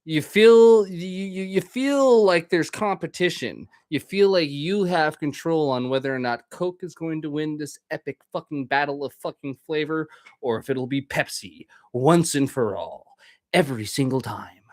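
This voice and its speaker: Podcast host, male, swearing, rambling rant; slightly high voice, dry close sound. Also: moderate pace, no room sound. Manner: profane, rambling, ranting. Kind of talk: casual monologue.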